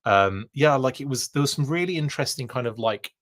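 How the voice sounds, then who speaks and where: A chatty male podcast host rambles through a casual livestream, reading viewer comments aloud. His voice sits at an ordinary, mid-range male pitch. He fills his talk with loose asides and playful jokes. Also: animated, brisk.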